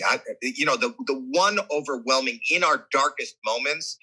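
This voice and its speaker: A man's voice: mid-range voice, normal speed, slightly rough, low-quality recording. A man guest on a podcast interview, telling a personal story with candid, earnest animation. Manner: animated, acts out his own and others' voices.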